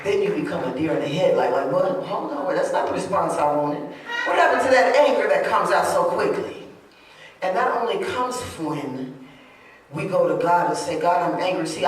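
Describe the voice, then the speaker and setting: Female preacher, shouts then drops to confiding, recorded from a distance in a reverberant church. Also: expressive, a little fast. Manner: swings from loud shouted preaching to low confiding talk. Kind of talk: sermon. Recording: echoey church hall, distant mic.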